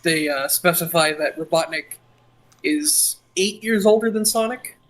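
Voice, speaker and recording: A man's voice: a little high, measured pace, fairly bright tone, low-quality recording. A man co-hosting a casual podcast, musing in a puzzled way about story details. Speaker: podcast co-host.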